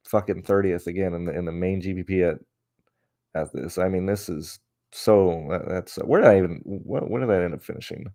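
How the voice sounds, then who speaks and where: A man with a lowish voice hosts a casual livestream. He rambles, restarts his sentences and swears freely while he vents. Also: darkish tone. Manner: rambling and profane, with many restarts; frustrated and venting. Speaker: host.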